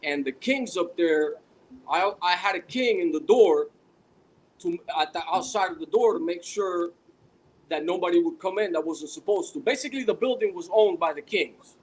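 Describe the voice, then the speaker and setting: A man telling a long story in a casual podcast chat, rambling and animated with many restarts. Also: high voice, moderate pace, rough recording. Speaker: podcast guest.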